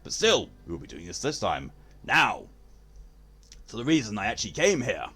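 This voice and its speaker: A man's voice: on the low side, wildly swooping pitch, normal speed, a bit bright, slightly rough. A male streamer, chatting casually with his stream chat in a theatrical, posh-leaning way.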